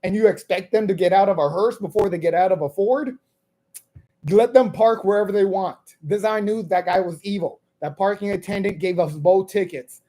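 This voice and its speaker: Male comedian-host, mellow tone, rambling self-mocking storyteller who repeats lines for laughs. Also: high-pitched, normal speed.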